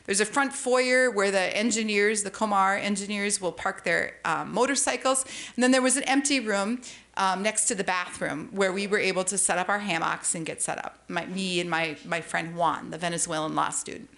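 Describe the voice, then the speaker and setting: A woman from Minnesota telling a true personal story live on stage at a brewery event, lively and conversational, with frequent asides. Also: mid-range voice, normal speed. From Minnesota, USA.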